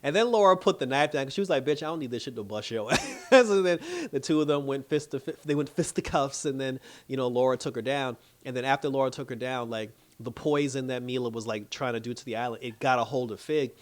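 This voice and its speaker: A man's voice: medium pitch, steady tone, quick pace, hardly any pauses. Reviewer type, man with a mid-range voice, loose and slangy, recapping an episode with lots of filler words. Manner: loose, chatty retelling full of "like" and "you know"; slangy and playful, laughing often. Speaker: TV show reviewer.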